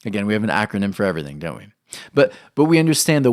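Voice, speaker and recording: A man preaching a sermon as pastor, telling a personal story in an animated, conversational way. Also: fast talker, dry recording, clean studio sound. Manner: animated storytelling, acting out scenes with rising pitch. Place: church or studio recording.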